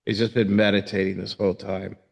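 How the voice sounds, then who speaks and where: A man teaching yoga, telling a parable in a casual, halting way and often repeating his words. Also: lowish voice, level tone, creaky. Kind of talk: casual storytelling talk.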